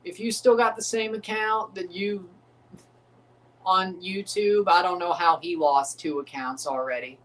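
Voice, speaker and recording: A young man hosting a live football watchalong, calling goals with excitement and dropping into low mumbled asides between plays. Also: a little slow. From United States. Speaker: livestream watchalong host. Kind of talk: live football reaction commentary.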